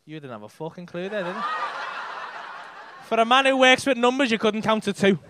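A man with a Liverpool accent works the crowd at a comedy club, joking with the audience in brash, sweary banter. His voice sits high and jumps lively up and down. Faint laughter from the audience comes through behind the handheld mic. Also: brisk, background noise. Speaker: stand-up comedian. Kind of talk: stand-up crowd work.

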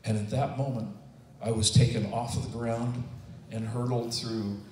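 A man's voice: mid-range voice, level tone, normal speed, mellow. A man in his sixties giving an earnest, emotional personal testimony, acting out the voices of the people he quotes. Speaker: testimony speaker. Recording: roomy, distant and noisy.

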